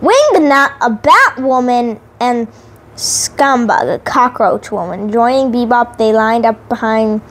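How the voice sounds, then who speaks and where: A woman's voice: fairly high pitch, lively intonation, slow pace. A woman reading a children's novelization aloud carefully, sometimes restarting words. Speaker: reader.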